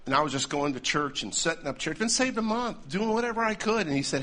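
Male preacher telling funny stories, laughs a lot, bright forceful voice, a bit higher pitched. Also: a little fast. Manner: animated, laughing often. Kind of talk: humorous storytelling sermon.

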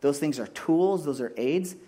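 A man preaching a sermon as a pastor, animated and acting out voices as he makes his points. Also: a little high, unhurried.

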